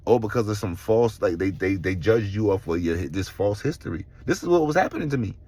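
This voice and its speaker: A middle-aged man, telling his own story in a casual vlog, animated and swearing, acting out other people's voices. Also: on the low side, a little fast. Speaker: vlogger.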